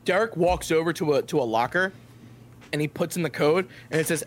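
A man's voice: fairly high pitch, fast talker, a little hiss or hum. A man narrating as game master of a tabletop game over a voice call, upbeat and playful with loose narration.

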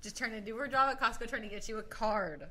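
Bright-voiced teasing woman. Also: fairly high pitch, fast talker. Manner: teasing, laughs often, mimics people. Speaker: podcast co-host. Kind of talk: casual chat.

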